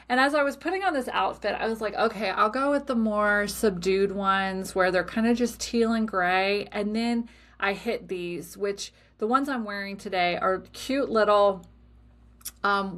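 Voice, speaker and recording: A middle-aged woman hosting a solo podcast, talking casually in a blunt, expressive way and swearing freely. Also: mid-range voice. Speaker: podcast host.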